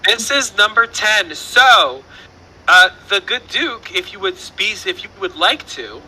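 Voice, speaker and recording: A man's voice: high-pitched, sing-song, slow pace, sharp tone, husky, low-quality recording. A man hosting an online trivia quiz over voice chat, playful and rambling, laughing at his own jokes.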